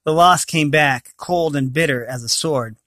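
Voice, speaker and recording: A man's voice: a little high, unhurried, bright, forceful tone, no room sound. A man reading a storybook aloud, often stumbling and correcting himself mid-sentence. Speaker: reader of a novel.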